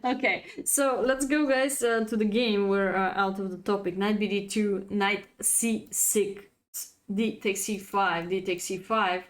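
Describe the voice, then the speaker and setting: A woman's voice: medium pitch, steady tone, unhurried. A woman chess coach, a native Bulgarian speaker, giving a live-streamed lesson, chatty and laughing often as she reads out chat.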